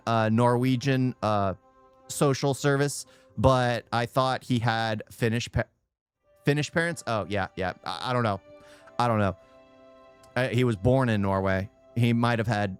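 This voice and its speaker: A man talks through his reaction to a video in a loose, offhand way. He restarts sentences and echoes his own phrases back. His voice sits at an ordinary middle pitch. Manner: rambling, opinionated. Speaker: YouTube reactor. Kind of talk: casual reaction commentary.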